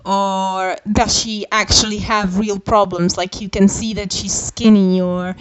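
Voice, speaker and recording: A woman's voice: medium pitch, flat delivery, measured pace, poor audio. A woman co-hosting a parenting Q&A in casual chat, direct and explanatory, often checking in with "okay?". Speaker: co-host giving parenting advice. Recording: audible background noise.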